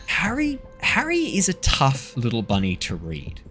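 A man narrating as game master in a tabletop game, descriptive and chatty with quick asides. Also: mid-range voice, huge pitch swings, fairly bright tone, soft background music.

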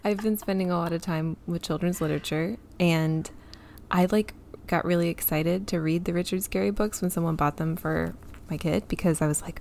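A woman co-hosting a casual book talk, with a lower voice and a wry, laughing way of giving recommendations. Faint background noise sits under her voice. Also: steady tone, normal speed, gravelly, a little mellow. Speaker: podcast co-host. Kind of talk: casual chat about books.

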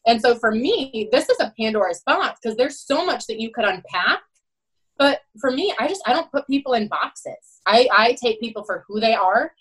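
A woman's voice: fairly high pitch, expressive, moderate pace, a bit bright, breathy edge, low-quality recording. A middle-aged woman who coaches college swimming tells candid, emphatic stories in a podcast interview and leans on "you know" and "right?". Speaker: college swim head coach.

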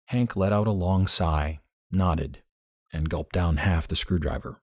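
A man narrating a short story in an even, measured way. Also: sits low, dry recording, clean studio sound. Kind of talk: audiobook fiction narration.

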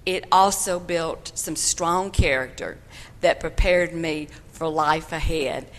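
Slow-spoken older woman in a church. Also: low voice, fairly even intonation. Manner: earnest storytelling, folksy turns of phrase. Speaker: church member giving testimony. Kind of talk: personal testimony in church. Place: church sanctuary. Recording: long hall reverb of a church.

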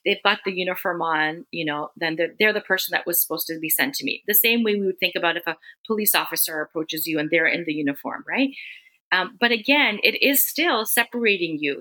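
A middle-aged woman, a podcast guest, telling a personal story in an animated, conversational way. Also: lowish voice. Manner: animated, acts out quoted people.

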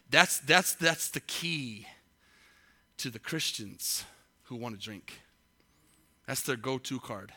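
Bright-voiced preaching pastor. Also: male voice, on the high side. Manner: preaching with rising intensity, rhetorical questions to the congregation. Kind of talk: sermon.

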